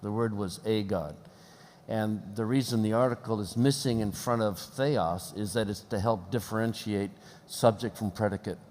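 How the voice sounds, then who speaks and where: Deep-ish guy explaining greek, kinda unsure, says correct me if wrong, echoey hall. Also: moderate pace, darkish tone. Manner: tentative, self-checking. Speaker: Greek scholar guest. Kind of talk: casual explanation. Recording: echoey hall, faint ambience.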